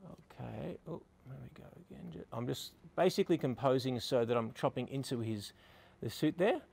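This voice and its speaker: A man's voice: medium pitch, animated, normal speed, creaky, darkish tone, husky. A middle-aged man teaching photography outdoors beside a building, directing a couple with upbeat, coaxing praise. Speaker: photography instructor. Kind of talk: on-location teaching, directing models.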